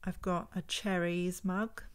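A woman's voice: fairly low pitch, little pitch movement, slow, noisy background. A woman, a vintage homeware reseller, chatting unhurriedly at home in a casual show-and-tell vlog and thinking aloud as she handles items.

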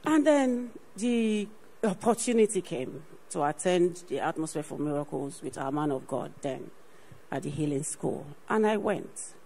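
A woman's voice: deep voice, animated, unhurried, dark tone, a little hiss or hum, poor audio. A woman, a ministry partner, gives an earnest personal faith testimony on stage, often saying "you know" and repeating herself. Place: on stage at a church program.

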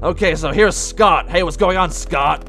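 A brash animatronic pirate fox with a high, gravelly growl and quick fits of temper, as a man acts him out. He drops into pirate speech between game chatter. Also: faint music behind. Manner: pirate talk, hot-tempered, loud outbursts. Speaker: let's play gamer in character.

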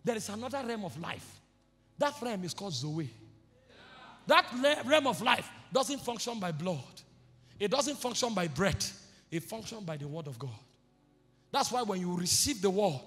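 Male pastor, very high voice, fervent shouted sermon; long hall reverb. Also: gravelly. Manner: fervent, shouting preacher with repeated declarations. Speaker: apostle preaching.

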